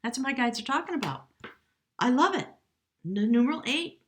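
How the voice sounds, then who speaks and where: A woman giving a spontaneous tarot reading, speaking gently and emotionally, now and then addressing her spirit guides. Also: high-pitched, expressive, a little fast, a little hiss or hum. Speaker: tarot reader.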